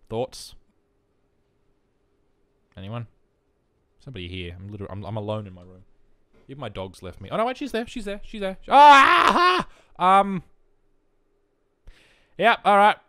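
A man talks through a life-sim game alone in his room, wandering from one jokey aside to the next and poking fun at himself. His pitch swings widely as he reacts, and faint music plays underneath. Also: bright, forceful tone. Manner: rambling, self-mocking, jokey asides. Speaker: gaming commentator. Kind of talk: let's play commentary.

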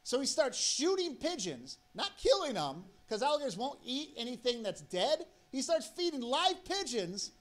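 A man's voice: extremely high pitch, sing-song, moderate pace, few pauses. A man telling a rambling, profane story on stage as a stand-up comedian.

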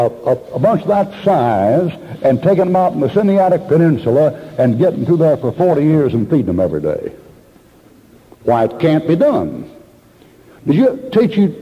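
A man preaches a sermon, spinning folksy stories and hammering his points with repetition. His voice is husky and mid-pitched. The recording is a dull, muffled old tape that carries the long echo of a church hall. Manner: folksy storyteller, emphatic repetition.

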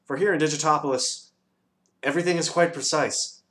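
A man voicing a pedantic, number-obsessed male dodecahedron in a storybook reading, lecturing precisely and bursting into shouts. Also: fairly high pitch, steady tone, brisk, pitched above the performer's own voice, close to an everyday voice. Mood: excitable, lecturing.

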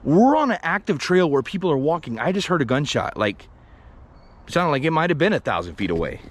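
Brief: male vlogger, rambling and playful, very lively up-and-down pitch, outdoors. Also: a little fast. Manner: joking, chatty, talks to viewers nonstop. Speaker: paranormal explorer vlogger. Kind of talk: rambling solo commentary. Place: outdoor wooded trail.

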